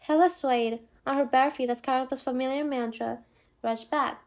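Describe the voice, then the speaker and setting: A woman narrating a novel as an expressive audiobook reader. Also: sits high, moderate pace. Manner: expressive reading with small slips. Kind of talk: scripted narration.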